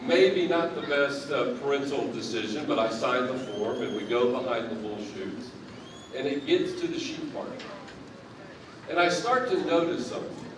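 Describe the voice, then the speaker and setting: A man's voice: mid-range voice, sing-song, moderate pace, noisy background. A man in his thirties giving a commencement speech as keynote speaker, full of humorous, self-deprecating storytelling. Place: large indoor university arena. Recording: echoey arena, picked up from a distance.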